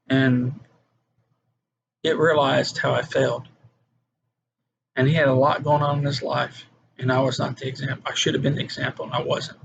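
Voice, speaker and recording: A man's voice: a little high, gravelly, a bit bright. A man giving an earnest personal testimony, acting out the voices in his story. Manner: earnest storytelling with acted quotes. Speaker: testimony speaker. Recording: muffled with background noise.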